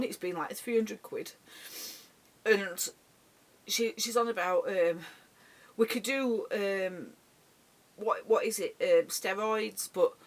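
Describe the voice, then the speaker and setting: A middle-aged woman talks straight to camera in a personal vlog. She speaks haltingly and emotionally, stumbling and repeating words as she goes. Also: on the high side, fairly bright tone. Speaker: vlogger.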